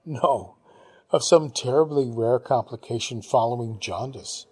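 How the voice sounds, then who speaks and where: A man reading an audiobook, voicing a genteel older Englishwoman who chats fondly about her childhood with brisk, upper-class exclamations. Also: medium pitch, darkish tone, breathy edge. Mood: reminiscing. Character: genteel older Englishwoman, chatty and fond of the past.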